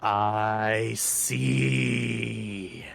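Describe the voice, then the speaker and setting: A man voicing a desperate pig-nosed male alien peddler who shouts and rambles as he begs passersby to take his necklaces. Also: lowish voice, steady tone, extremely slow, gravelly, exaggerated voice. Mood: rambling.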